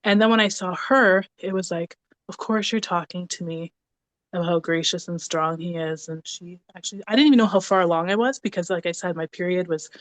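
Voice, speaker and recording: An animated woman from Ontario, Canada, tells a story as a podcast guest in a casual storytelling conversation, acting out quoted dialogue. Her voice is on the low side and a little fast, with no room sound.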